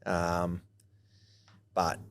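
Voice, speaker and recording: Laid-back New Zealand man with a low voice. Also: very slow. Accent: Australian-tinged New Zealand. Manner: relaxed, hesitant with frequent ums and restarts. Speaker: guest, former rugby league player. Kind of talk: casual interview.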